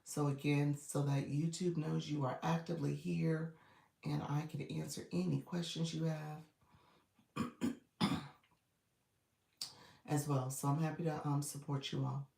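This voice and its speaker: Gravelly woman coaching livestream viewers. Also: low-pitched, level tone, a little slow, long pauses, mellow, distant mic. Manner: chatty, encouraging, greets viewers by name. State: groggy morning voice. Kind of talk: casual livestream chat with viewers. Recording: echoey room, away from the mic.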